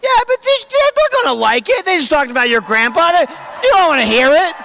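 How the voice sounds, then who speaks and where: Man co-host, high, lively, gravelly, bright edge, profane and excitable. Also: a little fast, a little hiss or hum. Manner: swearing, excitable. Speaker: podcast co-host. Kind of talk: casual banter.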